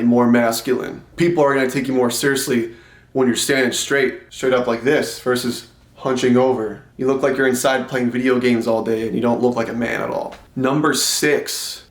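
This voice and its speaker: A young man giving casual, direct self-improvement advice and calling the viewer "bro". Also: medium pitch. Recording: echoey room.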